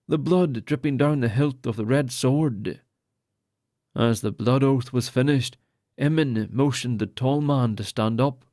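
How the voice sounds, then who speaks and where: A man narrating a fantasy audiobook in a steady, even reading voice. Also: mid-range voice, dry recording, studio quality.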